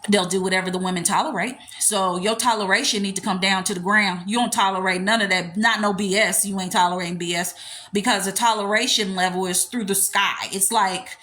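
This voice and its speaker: A woman's voice: mid-range voice, steady tone, fairly quick, bright, forceful tone. A woman dating coach giving blunt, emphatic, slangy advice in a casual livestream.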